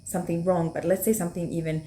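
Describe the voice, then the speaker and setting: A woman's voice: on the low side, level tone, quick pace, warm tone, slight background noise. A mother as an interview guest, talking in a reflective way with light laughs between her thoughts. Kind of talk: casual interview chat.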